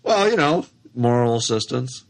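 A man's voice: mid-range voice, sing-song, moderate pace. A man playing a tabletop game, chatting in a playful way, often laughing and whooping. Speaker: player. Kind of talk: casual tabletop game chat.

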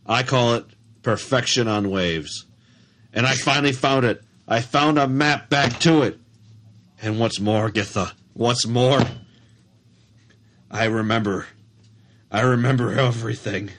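A man's voice: medium pitch, a little slow, long pauses, close to an everyday voice. Guy doing a boastful hyped-up sailor captain, big grand talk. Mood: excited. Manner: grandiose and excitable.

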